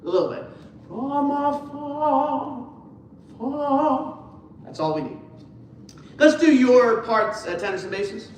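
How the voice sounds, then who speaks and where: An upbeat man leads a choir rehearsal, his fairly high voice coaching the singers at an unhurried pace. He sounds distant from the mic in a big, echoey room. Clear piano music plays behind him. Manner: upbeat, encouraging, demonstrates by singing. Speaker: choir director.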